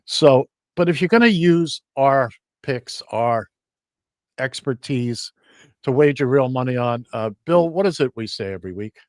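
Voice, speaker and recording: A man hosting a casual radio talk show, rambling with a dry humor and plenty of halting fillers. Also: medium pitch, expressive, a little mellow, no room sound.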